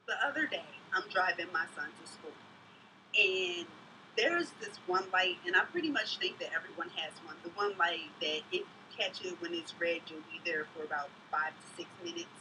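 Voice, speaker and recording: A woman's voice: lowish voice, moderate pace, recorded from a distance, background noise. A mother vlogging in casual chat, gossiping bluntly and telling stories in an outspoken way.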